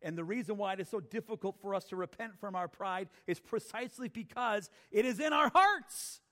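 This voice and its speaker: A man preaching as pastor to his church, animated, acting out quotes and putting questions to the congregation. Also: high-pitched, fairly quick, big-room sound. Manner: animated, acts out voices and asks the congregation questions. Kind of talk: sermon. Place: church sanctuary.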